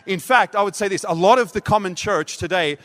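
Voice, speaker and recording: A man preaching a sermon, telling a story with animated delivery and acting out voices. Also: high voice, brisk. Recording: reverberant hall.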